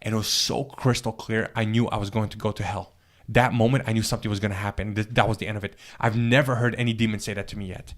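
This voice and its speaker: A man recounting a personal spiritual experience in an interview, speaking earnestly and haltingly, with frequent restarts and fillers. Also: on the low side, steady tone. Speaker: guest telling his testimony.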